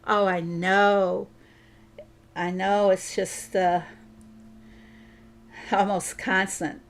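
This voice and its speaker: A woman's voice: medium pitch, level tone, extremely slow. A woman chatting casually while she plays a farming game on stream, thinking aloud and answering viewers. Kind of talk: casual gameplay commentary.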